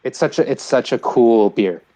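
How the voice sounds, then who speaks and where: A man's voice: medium pitch, normal speed, rough recording. Chatty male brewer telling a story. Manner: animated storyteller with many fillers. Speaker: guest brewer. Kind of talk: casual podcast chat.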